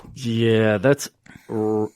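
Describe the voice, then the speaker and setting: A man's voice: lowish voice, flat delivery, drawn-out words, darkish tone, clean tone, no echo. A tired man co-hosting a podcast in casual chat, teasing his partner with dry remarks. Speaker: podcast co-host.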